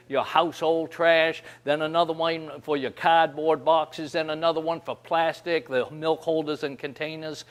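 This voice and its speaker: A man, hosting a comic segment and telling down-home stories, chuckling often. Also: a little high. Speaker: host of a humor segment. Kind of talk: folksy comic monologue.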